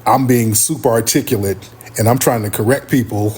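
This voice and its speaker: A man hosting a live stream, telling a story casually and acting out other people's voices with big pitch jumps. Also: a little fast, darkish tone, slightly rough. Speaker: livestream host.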